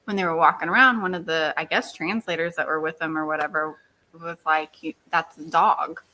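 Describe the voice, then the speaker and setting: A woman co-hosting a casual chat, telling stories in a giggly, animated way. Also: sits low, brisk, poor audio. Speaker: co-host.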